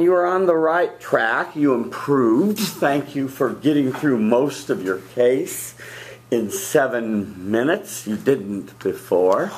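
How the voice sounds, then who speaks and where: A man coaching debaters in a classroom, giving blunt feedback with lively emphasis. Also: medium pitch. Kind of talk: spoken critique in class.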